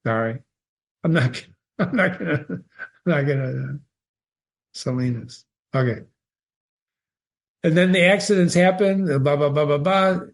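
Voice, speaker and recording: A man with a fairly high voice leads a literature lesson, quoting lines from a story and then questioning them aloud. His delivery is animated and searching, full of rhetorical questions to the listener. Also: unhurried, creaky, long pauses. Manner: animated, questioning, stops to quote the text and ask rhetorical questions. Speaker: literature teacher. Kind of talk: reading and analyzing a short story aloud.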